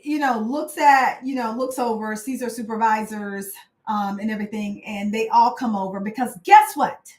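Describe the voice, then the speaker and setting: Passionate woman coach in an echoey room. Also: fairly high pitch. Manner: passionate, conversational, many fillers. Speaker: coach and host. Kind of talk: casual motivational talk.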